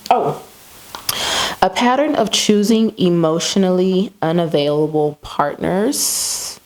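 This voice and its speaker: Female host, low pitch, conversational self-help monologue, loose and full of asides. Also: a little mellow. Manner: conversational, many fillers and asides. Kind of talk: casual self-help talk.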